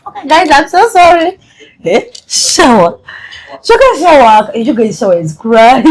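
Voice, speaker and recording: A woman's voice: on the high side, very animated, moderate pace. A woman hosting a casual chat, switching between English and Luganda, teasing and then apologetic. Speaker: host.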